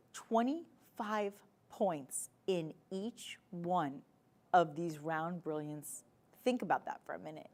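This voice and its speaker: Chatty woman with a Jersey accent. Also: medium pitch. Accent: New Jersey. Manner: animated, chatty, playful, emphatic. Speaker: shopping channel host. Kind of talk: live TV sales pitch. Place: TV studio.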